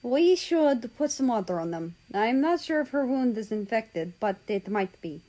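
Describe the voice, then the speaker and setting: A woman voicing a calm, caring young male cat in a steady, slightly raised voice. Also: on the high side, moderate pace, pitched above the performer's own voice, poor audio.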